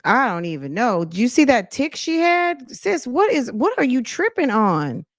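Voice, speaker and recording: A woman's voice: fairly high pitch, very animated, normal speed, no echo, studio quality. A woman giving sassy, teasing commentary as she reacts to a video.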